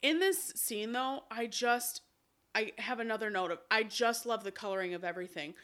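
A woman with a somewhat high, bright and forceful voice co-hosts a casual podcast. She recaps a film scene by scene like an animated storyteller, with swearing dropped in easily. Her delivery is chatty and unscripted. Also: moderate pace. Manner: animated storyteller, acts out characters' lines. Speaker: podcast co-host.

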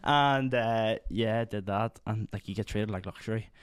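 A young Northern Irish man tells a meandering story among friends, his voice sitting on the low side. He keeps dropping in fillers as he goes, and the sound is close and dry with no room echo. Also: moderate pace, clear, resonant tone. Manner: rambling storyteller, many fillers. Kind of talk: casual chat.

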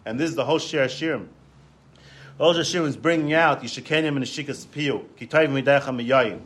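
A man giving a Torah lecture, telling stories in an animated way, often repeating words and restarting. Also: mid-range voice, fast. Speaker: Torah class teacher.

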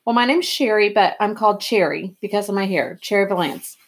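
A woman reading aloud, voicing a sharp-tongued teenage girl with a cool, biting way of speaking. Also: medium pitch, brisk, close to an everyday voice. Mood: curious.

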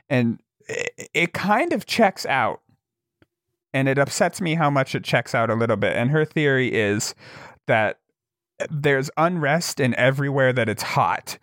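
A man co-hosting a casual podcast, swearing freely and laughing often as he talks. His voice sits in an ordinary middle pitch. The recording is dry and close, with no room sound. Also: a bit bright, no room sound. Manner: loose and profane, laughs often, quick bursts of speech. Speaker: podcast co-host. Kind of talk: casual chat.

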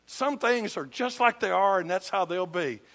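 A man's voice: sits high, lively intonation, normal speed, vocal fry, fairly bright tone. An older man from Georgia with a Southern accent, preaching a sermon in a folksy, emphatic storytelling manner with humor. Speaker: pastor.

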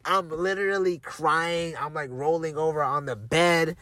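A man's voice: a little high, fairly even intonation, unhurried, sharp tone, dry recording. Profane, rambling male podcast host. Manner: rambling, profane, with frequent restarts and laughs. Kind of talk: casual storytelling monologue.

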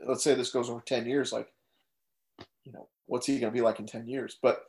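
A man's voice: mid-range voice, flat delivery, a little fast, vocal fry, crowd noise. Easygoing man chatting casually. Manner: easygoing, thoughtful, hesitant. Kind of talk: casual chat.

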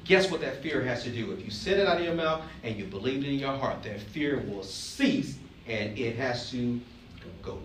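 A man's voice: mid-range voice, animated, normal speed, slight background noise. Man preaching in an echoing sanctuary. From Alabama. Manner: preachy, emphatic, joking asides, call-and-response questions. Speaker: pastor. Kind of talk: sermon. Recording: roomy, distant mic, faint ambience.

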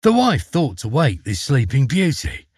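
A man narrating a fairy tale with dramatic, expressive delivery. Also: mid-range voice, unhurried, husky, no room sound, studio quality. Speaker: storyteller. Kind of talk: storybook narration.

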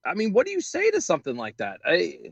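Man, high voice, very animated, sarcastic news commentary, dry close sound. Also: fast, vocal fry, husky, no echo, dull audio. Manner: animated, sarcastic, laughs often. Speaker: podcast co-host. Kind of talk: casual commentary reading news aloud.

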